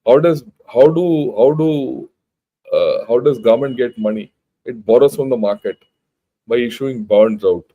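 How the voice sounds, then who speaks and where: An older retired army general with an Indian English accent speaks unhurriedly in a medium-pitched voice on a muffled recording. His talk is an informal lecture, emphatic and blunt, with plenty of rhetorical questions.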